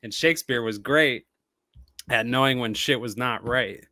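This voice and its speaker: A man, a rapper and stage actor, talking casually as a podcast guest, animated and full of "like" fillers. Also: mid-range voice, measured pace, dry recording.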